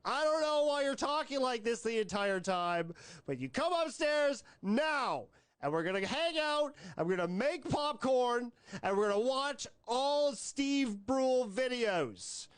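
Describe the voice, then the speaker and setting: Male streamer voicing a squeaky, excitable young dude, lively and pleading, dry close sound. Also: unhurried, clean tone, dry recording. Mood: excited. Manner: high, eager, pleading. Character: whiny young man streamer friend.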